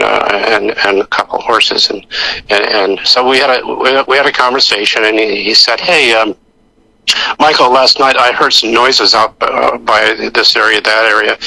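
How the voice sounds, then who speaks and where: Gravelly older man spinning long stories. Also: fairly low pitch, bright, forceful tone, rough recording. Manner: rambling anecdotes with many fillers and restarts. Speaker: actor guest. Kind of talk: storytelling in a radio interview. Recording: radio broadcast recording.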